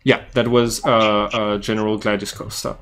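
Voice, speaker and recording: Halting man game master. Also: fairly low pitch, little pitch movement, heavy background noise. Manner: halting, with restarts. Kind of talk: running a tabletop game.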